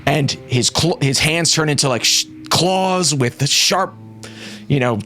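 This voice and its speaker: A man narrating a tabletop game as game master, in an animated, casual storytelling way with frequent fillers. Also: on the high side, unhurried, slight background noise.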